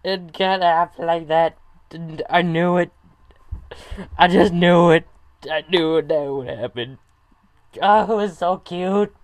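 A man giving casual reaction commentary on an animated short, emotional and gushing, laughing often. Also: a little high, slow pace, pauses often, dry recording.

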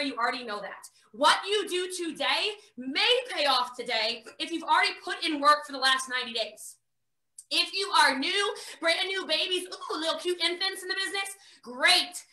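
An American woman in her thirties running a live network marketing training. She talks fast, gives orders and jokes with her viewers. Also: high voice. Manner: fast, energetic, bossy, joking. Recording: roomy echo.

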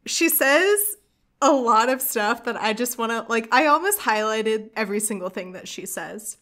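Woman podcast host, bright and sharp tone, emphatic casual talker. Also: on the high side, moderate pace. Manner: animated, emphatic, reads quotes aloud with feeling. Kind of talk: casual chat, book discussion.

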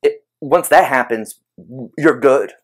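A man giving an informal explanatory talk on behavior training, conversational and animated, using everyday examples. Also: medium pitch, slow. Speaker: behavior analysis educator.

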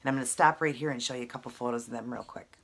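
A woman's voice: a bass voice, fairly even intonation, rapid-fire, fairly bright tone. A woman in her thirties talking earnestly to her camera at home, emotional and full of fillers. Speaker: vlogger. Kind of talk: personal talk to camera.

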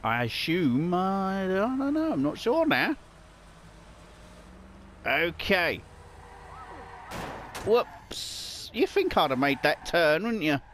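A man's voice: sits high, big pitch swings, slow pace, pauses often, fairly bright tone, slight background noise. A man casually commenting on his own gameplay, muttering to himself and swearing often. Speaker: let's play gamer.

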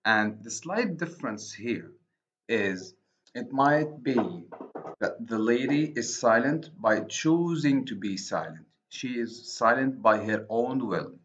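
Man, Arabic accent, university lecturer, unhurried, repeats himself, dull lo-fi sound. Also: medium pitch, expressive, fairly bright tone. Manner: deliberate, repeats and rephrases points, frequent "okay". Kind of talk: recorded literature lecture. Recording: dull lo-fi recording.

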